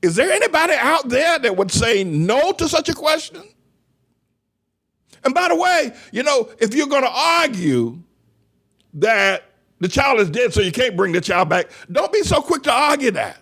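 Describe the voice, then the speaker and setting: A man's voice: extremely high pitch, big pitch swings, moderate pace, fairly bright tone. A man pastor giving an impassioned sermon-style talk, stretching out emphatic rhetorical questions and repeating phrases for stress.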